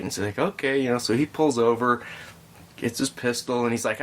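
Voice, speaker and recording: A man hosting a podcast, telling a story in a relaxed, rambling way with frequent restarts. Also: medium pitch, a little fast, slight background noise. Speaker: podcast host. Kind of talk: casual storytelling chat.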